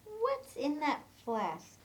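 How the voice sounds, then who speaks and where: An actress playing a giddy, naive young woman who talks in a bubbly, excitable, squealing way in a stage comedy scene. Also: high-pitched, very slow, full character voice. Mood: timid. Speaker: actor in a scene. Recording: background noise in a training studio.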